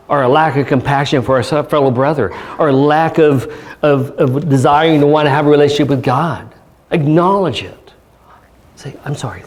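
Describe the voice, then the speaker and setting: A man pastor giving a church sermon, speaking earnestly with pauses and reading scripture aloud. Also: mid-range voice. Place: church service.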